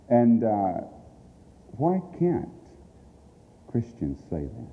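Slow, dark-voiced man preaching earnestly. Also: on the low side, sing-song. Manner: earnest, emphatic repetition with drawn-out pauses. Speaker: ministry leader speaking on radio outreach. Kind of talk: sermon-style address. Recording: long hall reverb.

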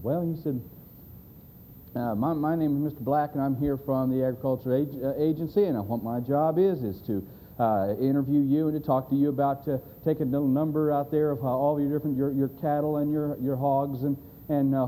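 A man's voice: medium pitch, dark tone, slight background noise, rough recording. A man preaching a sermon, telling a folksy joke and acting out the voices. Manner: folksy storyteller, drawling, acts out voices.

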